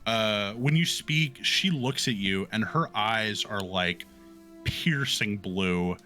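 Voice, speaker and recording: A man narrates as the game master of a tabletop game. His voice is bright and lively in pitch, and his loose, rambling delivery is full of fillers. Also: takes it slowly, faint music behind.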